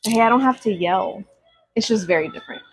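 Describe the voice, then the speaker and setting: A young woman chatting on a craft livestream, greeting viewers with excited gasps. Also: mid-range voice, brisk, husky, dry recording, rough recording. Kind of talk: casual livestream chat. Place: craft workspace at home. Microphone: small clip-on mic.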